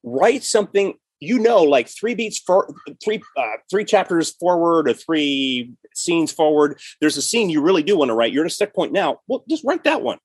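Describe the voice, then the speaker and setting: A middle-aged man hosting a podcast, talking in a lively, loose way that keeps doubling back on itself. His voice is husky and a little breathy. The sound is dry and close, with no room echo. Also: a little high, moderate pace, few pauses. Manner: animated, restarts and repeats often. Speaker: podcast host and writer. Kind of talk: casual chat.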